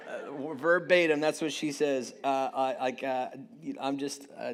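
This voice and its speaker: A pastor in his late thirties preaches a sermon, telling a rambling, self-deprecating story full of restarts. His medium-pitched voice stays steady and unhurried, with few pauses.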